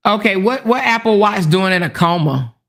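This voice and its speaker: A woman's voice: mid-range voice, animated, normal speed. A woman hosting a casual livestream commentary, chatty, laughing often and reading comments aloud. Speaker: commentary host.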